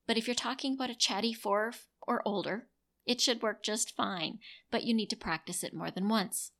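A middle-aged woman calmly teaching parents, acting out gentle sample talks to a child. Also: medium pitch. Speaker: parenting educator. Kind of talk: instructional talk to parents.

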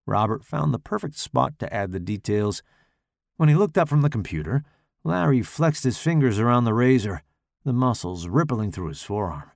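A man reads a horror story with dramatic flair, his voice gravelly and swinging widely in pitch. The sound is dry and close, with no room around it. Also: big pitch swings, moderate pace, no room sound. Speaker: audiobook narrator. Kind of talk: scripted horror narration.

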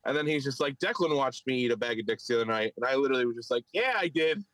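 A man's voice: mid-range voice, very fast, a bit bright, a little hiss or hum, rough recording. A man with a Philadelphia accent, a podcast co-host and stand-up comic, telling a story in casual chat and mimicking others in raised voices. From Philadelphia area.

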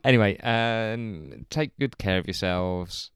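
A man's voice: lowish voice, animated, takes it slowly, clear, resonant tone, no echo, studio quality. A man from England co-hosting a podcast in laid-back casual chat. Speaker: podcast co-host.

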